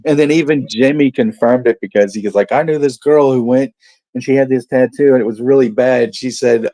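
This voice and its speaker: A man's voice: medium pitch, a little fast, mellow, dry recording. Laughing, profane man with a dry sound. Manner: swears freely, laughs often, tells rambling anecdotes. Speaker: watch party co-host. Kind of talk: casual chat.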